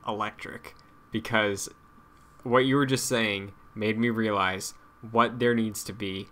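A man with a somewhat low voice co-hosts a casual gaming podcast. He is enthusiastic and builds up to each idea before he pitches it, in easy conversation with his co-host. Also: fairly even intonation, unhurried, a bit bright.

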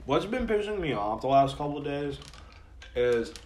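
A man's voice: a little high, very animated, moderate pace, darkish tone. Guy rambling and swearing a lot, scratchy dry throat from a cold, lots of ums and restarts. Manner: rambling, profane, with many fillers and restarts. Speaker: podcast host. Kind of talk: casual monologue.

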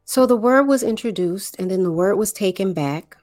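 A woman from the New Orleans area giving a slow explanatory monologue, with deliberate, drawn-out phrasing and pauses. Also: medium pitch, expressive, darkish tone, no room sound, faint music behind.

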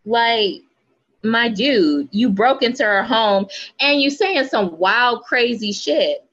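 A woman's voice: a little high, takes it slowly, a bit bright, dull audio. A woman co-hosting a casual podcast, ranting emphatically and swearing freely. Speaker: podcast co-host.

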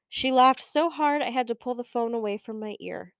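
A young woman reads a first-person story with wry, expressive timing. Her voice sits on the higher side, recorded close and dry in a studio with no room sound. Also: moderate pace, creaky, few pauses, no echo. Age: young adult. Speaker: audiobook narrator. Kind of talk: first-person audiobook narration. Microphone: close studio mic.

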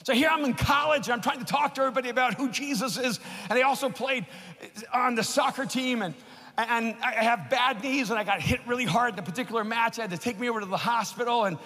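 High, bright-voiced impassioned male preacher. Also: fast. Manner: impassioned, building to shouts. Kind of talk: sermon with personal story. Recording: long hall reverb.

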